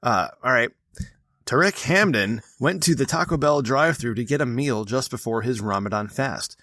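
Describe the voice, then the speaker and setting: A man's voice: medium pitch, lively intonation, normal speed, pushed and bright, dry recording, studio quality. A man hosting a podcast, reading news stories aloud and cutting in with blunt, profane asides. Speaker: podcast host.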